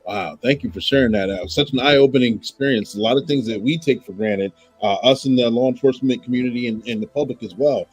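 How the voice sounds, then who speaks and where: A male podcast host asking his guest questions, halting and searching for the right words. His voice is husky and sits at an average pitch, with soft music faintly underneath. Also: dry recording, rough recording. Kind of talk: interview.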